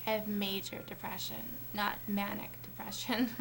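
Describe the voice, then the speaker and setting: A woman's voice: mid-range voice, steady tone, measured pace, gravelly, background noise. A young woman talking casually to camera on a shared vlog channel, rambling with many fillers and restarts. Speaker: vlogger on a collab channel.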